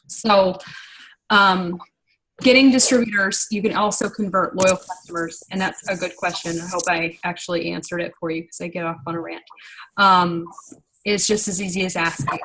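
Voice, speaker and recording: A young adult woman leading a business team meeting in a casual, animated, rambling way, getting worked up and talking fast when excited. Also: on the low side, slight background noise, rough recording. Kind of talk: casual motivational training talk.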